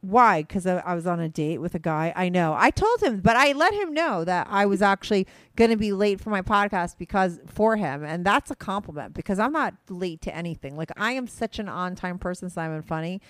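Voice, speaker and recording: A woman hosting a podcast, rambling excitedly and laughing easily, feeling hyper and giddy. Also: on the low side, fairly quick, few pauses, dry recording. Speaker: podcast host. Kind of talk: casual podcast chat.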